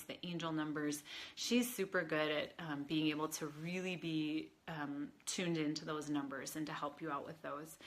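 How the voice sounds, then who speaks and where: A woman's voice: fairly low pitch, sharp tone. A woman spiritual advisor talking casually on a livestream, chatty and rambling with many fillers, answering viewers. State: tearful at times.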